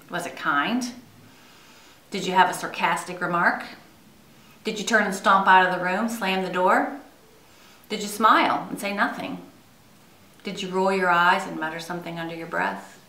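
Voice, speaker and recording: A woman's voice: on the low side, bright, forceful tone. A woman giving an earnest devotional sermon to her church, asking many rhetorical questions. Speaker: church speaker. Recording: echoey room, far from mic.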